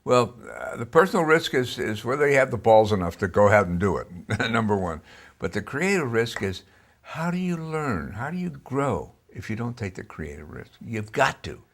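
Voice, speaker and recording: An older cinematographer being interviewed tells film-set anecdotes in a blunt, salty, emphatic way. His medium-pitched voice swings widely in pitch at a moderate pace.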